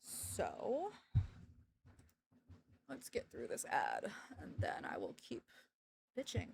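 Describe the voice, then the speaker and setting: A woman's voice: very deep voice, wildly swooping pitch, takes it slowly, creaky, slight background noise. A young woman streaming and chatting casually, ranting sarcastically and laughing often. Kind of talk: casual livestream chat.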